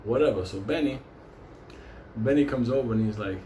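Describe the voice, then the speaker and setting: A man's voice: mid-range voice, normal speed, warm tone, a little hiss or hum. A man telling a street-fight story from his youth in a loose, profane, rambling way, often breaking into laughs. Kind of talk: casual storytelling. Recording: echoey room with faint ambience.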